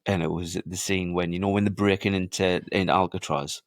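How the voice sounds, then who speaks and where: A man's voice: deep voice, steady tone, brisk, dry recording, studio quality. A man co-hosting a podcast, telling movie stories with sweary enthusiasm in casual chat. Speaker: podcast co-host.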